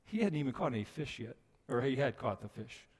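A man preaching a sermon, moving between hushed passages and loud, emphatic ones. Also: medium pitch, sing-song, a little fast. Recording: long reverb of a large hall.

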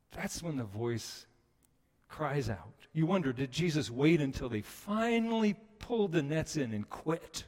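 A man preaching a sermon, moving between hushed passages and loud, emphatic ones. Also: a little high, big pitch swings, unhurried. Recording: long reverb of a large hall.

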